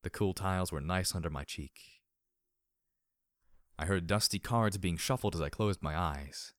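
A man reading a first-person story aloud, measured and wry. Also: low voice, a bit bright, dry recording, studio quality. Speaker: audiobook reader.

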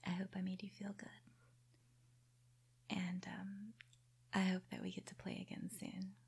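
A hoarse woman talking softly and directly to her listeners, mostly in a whisper. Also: medium pitch, completely flat delivery, unhurried. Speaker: audio creator.

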